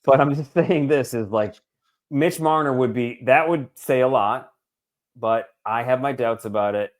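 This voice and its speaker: A forty-something man in a casual podcast chat who gets worked up fast. He swears freely and throws in joking asides while he argues his point. His voice sits in an ordinary middle pitch. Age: 40s. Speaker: podcast co-host.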